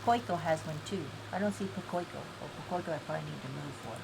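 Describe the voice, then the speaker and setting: A woman's voice: sits low, quick pace, creaky, heavy background noise. A woman live-streaming an online game event, chatty and giggly, reading game text aloud.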